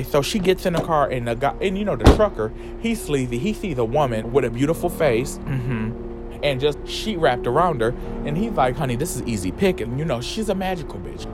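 A man hosting a podcast, retelling a horror story in a sassy, slangy, campy comedic way. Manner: sassy, animated, slangy storytelling with lively swoops in pitch. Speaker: podcast host retelling a comic book story. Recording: music playing under the voice. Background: background music.

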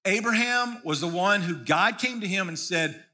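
High bright-voiced male preacher. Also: expressive, moderate pace. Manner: conversational preaching with frequent restarts and repeated words. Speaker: pastor. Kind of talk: sermon.

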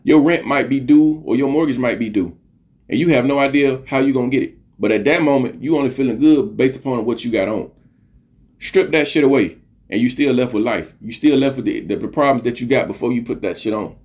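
A man's voice: mid-range voice, brisk, darkish tone. Middle-aged male podcast host, mid-range voice, earnest motivational monologue, repetitive emphasis, casual swearing. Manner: earnest, preachy, repeats phrases for emphasis.

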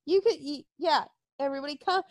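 A woman's voice: sits high, quick pace, dry recording. A young woman in casual chat, telling stories with lots of profanity and acting out the people she quotes. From Arizona.

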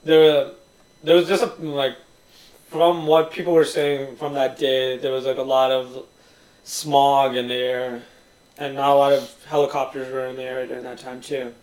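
A man explains things softly and trails off, leaning on fillers as he goes. He sits back from the mic, so his voice sounds distant and echoes around the room. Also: medium pitch, flat delivery, moderate pace. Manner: soft-spoken, explains with many fillers. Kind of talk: casual chat.

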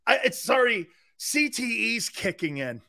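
A middle-aged man hosts a sports talk stream. His voice sits high and sounds bright and forceful. He jumps from one viewer comment to the next, joking loudly. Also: measured pace, creaky. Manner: animated, joking, jumps between chat comments. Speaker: sports talk show host. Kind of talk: live-stream sports talk, reading chat.

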